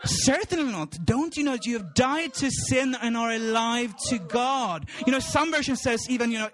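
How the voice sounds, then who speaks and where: A man with a very high voice preaches with bursting enthusiasm. He laughs often, stumbles over repeated words and rises into shouts when he gets excited. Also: normal speed. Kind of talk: sermon.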